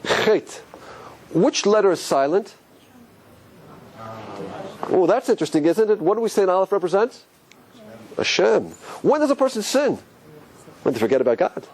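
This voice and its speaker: A man's voice: normal speed, long pauses, low-quality recording. A man teaching a religious class as a rabbi, asking his listeners questions and swinging his voice up and down as he explains. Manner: animated, asks the audience questions, pitch swings up and down. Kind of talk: lively classroom lecture.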